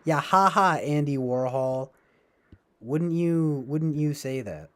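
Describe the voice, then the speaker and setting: A man with a higher-pitched voice talks slowly on a live stream. He rambles casually, drops sarcastic asides, laughs a lot, and often trails off mid-thought.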